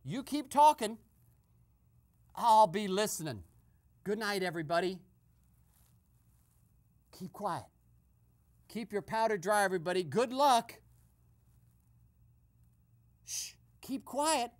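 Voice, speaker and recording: A woman voicing an excitable male radio host who eavesdrops and gives gossipy running commentary full of exclamations. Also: medium pitch, measured pace, pauses often, natural voice. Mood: excited. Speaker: host and narrator. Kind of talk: comedic radio sketch narration.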